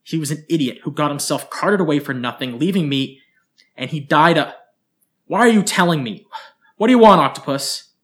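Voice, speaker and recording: A man's voice: mid-range voice, steady tone, normal speed, a bit bright, lightly acted. A man voicing a bitter, exhausted woman who speaks in a slurred, sneering way. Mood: furious. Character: bitter, worn-out drunk woman, venomous.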